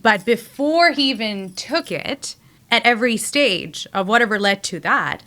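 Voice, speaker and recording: A woman guest on a podcast, candidly telling a personal story, often dropping to a soft, quiet voice and using lots of "like" fillers. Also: on the high side, animated, measured pace. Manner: candid, heavy use of "like" fillers; drops to a soft, quiet voice when recounting painful moments.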